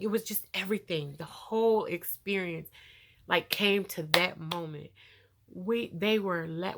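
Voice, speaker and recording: A woman telling her own story to camera in a casual, animated way, laughing often and growing emotional, with features. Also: mid-range voice.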